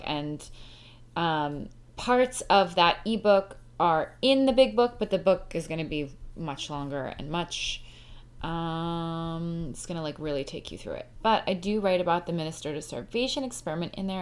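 A young woman hosting a casual solo podcast, tired and rambling in a frank, scattered way. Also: lowish voice. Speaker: podcast host.

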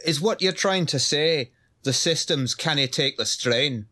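A man's voice: a little high, measured pace, sharp tone. A man on a casual podcast, joking and teasing the others. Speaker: podcast co-host. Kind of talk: casual group chat.

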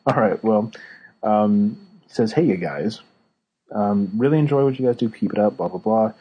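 A man's voice: lowish voice, moderate pace, slightly rough, muffled recording. A man co-hosting a casual podcast, explaining game rules with many fillers and restarts. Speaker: podcast co-host, card game judge. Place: Northern California.

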